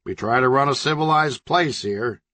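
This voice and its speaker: A cranky motel owner, voiced by a man in a comedy crime audiobook. He yells gruff complaints at his guests, loud and pitched well above the reader's own voice. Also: normal speed, dry recording, lightly acted. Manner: yelling gruffly through a wall.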